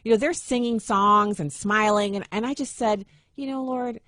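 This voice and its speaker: A middle-aged woman hosting a talk radio show, telling a personal story with lively acted-out quotes. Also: mid-range voice, moderate pace, dry recording, studio quality. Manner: animated, acts out quoted voices.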